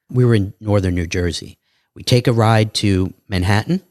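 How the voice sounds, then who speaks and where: A man's voice: on the low side, fairly quick, no echo, clean studio sound. Man telling stories in a casual interview. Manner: animated, acts out other people's lines. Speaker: podcast guest.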